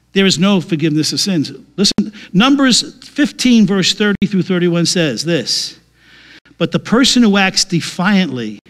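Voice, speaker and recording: High-voiced emphatic male pastor. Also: a bit bright. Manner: emphatic, repeats key phrases for stress. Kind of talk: sermon.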